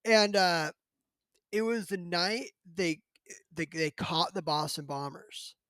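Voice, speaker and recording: A man in his thirties hosting a podcast, telling a casual story in a rambling, filler-heavy, animated way. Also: sits high, takes it slowly, no echo. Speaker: podcast host.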